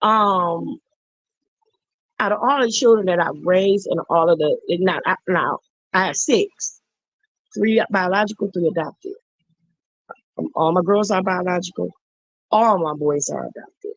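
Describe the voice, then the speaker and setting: A woman's voice: on the low side, a little slow, long pauses, dry recording. A middle-aged woman hosting a livestream, chatting casually and effusively with her viewers. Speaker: livestream host. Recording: dull dry lo-fi sound.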